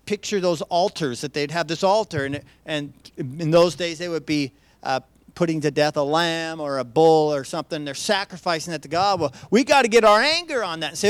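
High-voiced man preaching earnestly. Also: no echo. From United States. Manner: earnest, conversational preaching with frequent restarts and rhetorical questions. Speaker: pastor. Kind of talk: sermon.

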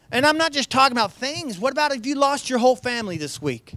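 High-voiced man preaching earnestly. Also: sing-song, fast, bright, forceful tone, no echo. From United States. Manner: earnest, conversational preaching with frequent restarts and rhetorical questions. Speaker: pastor. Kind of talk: sermon.

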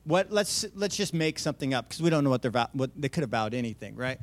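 A man's voice: medium pitch, quick pace, few pauses, dry recording. A man teaching a Bible passage as a sermon, in a conversational way with many fillers, restarts and jokey asides.

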